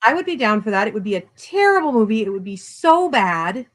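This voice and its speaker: A woman's voice: a little high, sing-song, a little fast, rough recording. A woman author being interviewed in a casual chat, talking bluntly and animatedly, with self-deprecating humor. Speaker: author guest.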